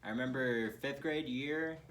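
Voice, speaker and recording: A man's voice: mid-range voice, moderate pace, a bit bright, a little hiss or hum. A man co-hosting a comedy podcast, telling profane childhood stories in a loose, laughing way. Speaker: podcast co-host. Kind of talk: casual chat.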